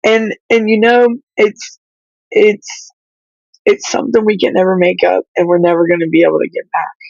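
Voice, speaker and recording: A woman whose child is in foster care, speaking through tears in halting, pleading talk that stops and restarts. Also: lowish voice, flat delivery, creaky, a little mellow, no echo, lo-fi sound. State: crying, tearful. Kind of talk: emotional livestream talk.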